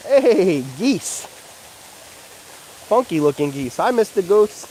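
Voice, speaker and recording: Chatty guy on a phone livestream outside, talks to the animals, kinda high voice. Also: very animated, takes it slowly, dark tone, slight background noise, rough recording. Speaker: livestream vlogger. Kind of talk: casual livestream chat. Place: outdoors at an animal park.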